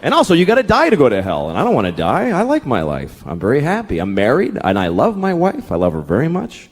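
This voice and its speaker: A man's voice: medium pitch, huge pitch swings, fast talker. A middle-aged man performing a stand-up comedy set, telling exasperated, profane stories with acted-out asides. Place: comedy club stage before a laughing crowd. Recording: echoey club recording, heard from a distance, with loud crowd laughter. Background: audience laughter.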